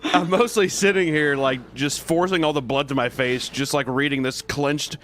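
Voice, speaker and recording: A man co-hosting a comedy podcast, excitable and full of mock outrage. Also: fairly high pitch, moderate pace, very noisy. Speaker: podcast co-host. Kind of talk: casual comedic podcast chat.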